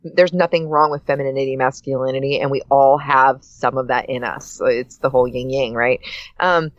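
A middle-aged woman chatting casually, telling a lively story and acting out quoted voices. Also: fairly quick, dry recording, dull audio. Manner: animated storyteller, acts out quoted lines with big pitch jumps. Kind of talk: casual chat.

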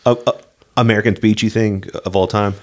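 A man hosting a casual podcast chat, animated and freely swearing. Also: on the low side, a little fast. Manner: animated, swears freely, sings and recites in bursts. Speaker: podcast host.

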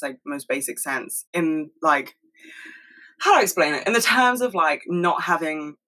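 A young woman talking fast and rambling in a casual monologue at home, swearing freely. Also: low-pitched, pushed and bright, rough recording. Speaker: solo podcast host.

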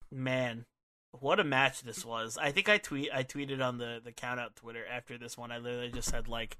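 A man chatting on a podcast with a bright, forceful edge to his voice. He rambles excitedly, stumbles over his words and fills pauses with ums and likes. His voice sits at an ordinary pitch for a man and comes across close to the microphone. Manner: excitable, rambling with many fillers. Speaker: podcast co-host. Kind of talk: casual chat. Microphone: studio microphone.

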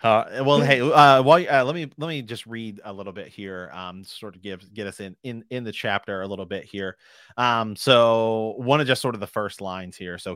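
A man's voice: lowish voice, moderate pace, fairly bright tone, no echo, clean studio sound. A man co-hosting a casual book discussion podcast, rambling and often restarting his sentences. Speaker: podcast co-host.

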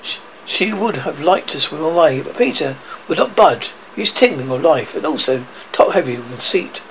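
A man reads a children's storybook aloud, stumbling and restarting often. His pitch rides high and swings widely, with a gravelly edge. A faint hiss sits underneath. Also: lively intonation, poor audio. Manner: halting reading with frequent restarts. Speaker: reader. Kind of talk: audiobook narration.

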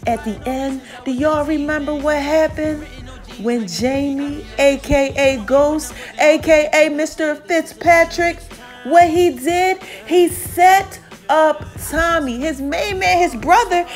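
A woman podcast host giving an excitable, casual recap of a TV episode, talking straight to her listeners. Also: high-pitched. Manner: excitable storytelling, addresses listeners as y'all.

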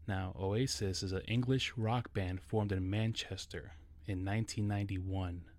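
A man's voice: on the low side, fairly even intonation, measured pace, darkish tone. A man from New York hosting a solo podcast episode, talking casually and a little nervously, with restarts. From New York City. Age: adult. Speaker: podcast host.

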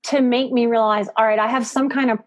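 A woman's voice: a little high, steady tone, brisk. A woman psychotherapist and life coach, a guest on a podcast, speaking expressively and emphatically and repeating words for stress. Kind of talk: conversational interview. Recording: podcast audio.

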